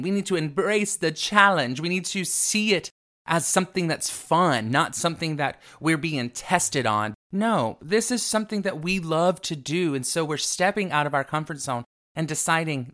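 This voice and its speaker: Male host for a self-help radio show, flamboyant and theatrical, very animated pitch. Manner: theatrical, calls listeners darling.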